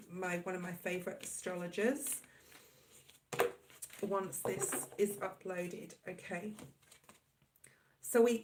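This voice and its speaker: A woman's voice: mid-range voice, poor audio. Rambling woman tarot reader, reassuring. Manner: rambling, reassuring, filler-heavy with frequent "okay?". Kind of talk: casual tarot reading to camera.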